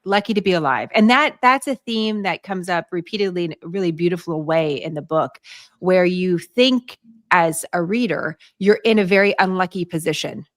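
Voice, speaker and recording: A woman's voice: fairly low pitch, moderate pace, dry recording, clean studio sound. A woman hosting an interview, asking thoughtful, reflective questions. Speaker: interviewer host. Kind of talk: warm conversational interview.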